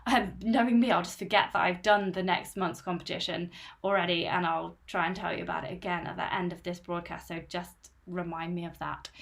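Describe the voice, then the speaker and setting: A woman's voice: fairly low pitch, creaky, fairly bright tone. Chatty woman hosting a live stream. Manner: chatty and upbeat, reading out viewer comments. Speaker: host of a running channel live stream. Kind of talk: casual live-stream chat.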